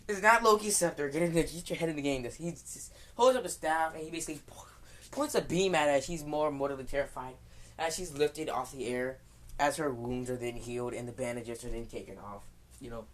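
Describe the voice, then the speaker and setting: Young man, casual fan-story narrator, loose and rambling with heavy fillers, mid pitch. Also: brisk, fairly bright tone.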